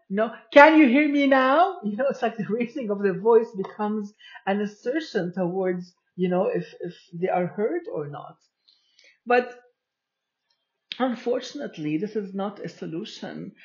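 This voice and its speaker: Slow, deliberate woman musing aloud. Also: on the low side, a little mellow, highs cut off. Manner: slow and deliberate, explaining with pauses. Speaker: podcast host. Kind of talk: reflective solo monologue.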